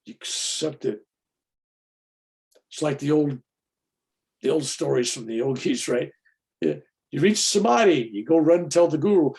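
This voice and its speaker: A man's voice: a little high, moderate pace, gravelly, pauses often, darkish tone. A man giving an informal, plainspoken spiritual talk, often acting out other people's voices. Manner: casual, plainspoken, acts out quoted voices. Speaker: spiritual teacher.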